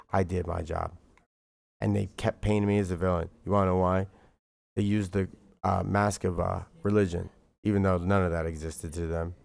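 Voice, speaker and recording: A man's voice: sits low, vocal fry, darkish tone. A man streaming live, talking in a rambling, profane and heated way, with "bro" and "like" at every turn. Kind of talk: livestream monologue.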